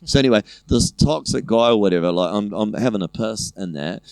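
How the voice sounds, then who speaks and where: A man in his thirties with a New Zealand accent, a comedian telling a profane, animated story on a podcast. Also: on the low side, a little fast, creaky, smooth, no room sound. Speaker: comedian guest.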